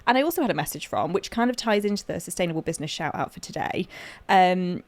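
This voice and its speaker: A woman's voice: on the low side, lively intonation, fast talker, no room sound. Chatty woman from Lincolnshire. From Lincolnshire, England. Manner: chatty, rambling with fillers and restarts. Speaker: podcast co-host. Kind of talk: casual chat.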